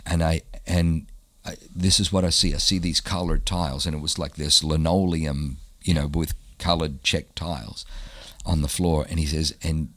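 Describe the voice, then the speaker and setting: Man, very low pitch, raspy voice, pastor, animated storytelling interview guest. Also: normal speed, no room sound. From Australia. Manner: animated storyteller who acts out the quotes of others.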